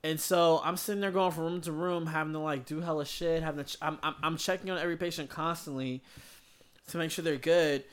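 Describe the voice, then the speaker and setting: A man's voice: on the high side, steady tone, fairly quick, clear, resonant tone. A man who works as an emergency room nurse, talking in a rambling, profane, casual way about his shifts. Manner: rambling, profane, many fillers. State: tired. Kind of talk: casual podcast chat.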